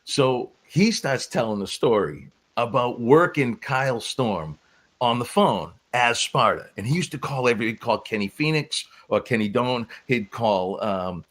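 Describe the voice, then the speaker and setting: A man who is a former wrestling referee, guest on a podcast, telling stories in an animated, laughing way. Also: mid-range voice, unhurried. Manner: animated storyteller, breaks into laughs. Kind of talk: casual storytelling on a podcast.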